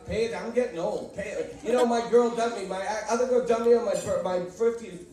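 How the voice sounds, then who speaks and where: A man's voice: high voice, a little fast. A fifty-year-old man doing a brash, self-mocking stand-up comedy set in a club. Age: 50s. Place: comedy club with live audience. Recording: echoey room, mic from far off, audience noise.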